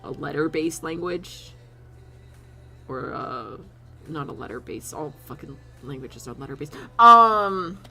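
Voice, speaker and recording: Bright-voiced rambling streamer. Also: medium pitch, animated, unhurried, gravelly, soft background music. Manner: rambling, laughs often, swears casually. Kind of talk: casual stream chat.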